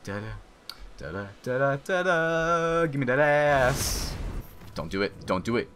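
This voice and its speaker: A young man giving crude, excitable commentary while playing a video game, swinging from mutters to yells. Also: medium pitch, measured pace, a little hiss or hum. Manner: crude joking. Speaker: gaming YouTuber. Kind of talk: Let's Play commentary.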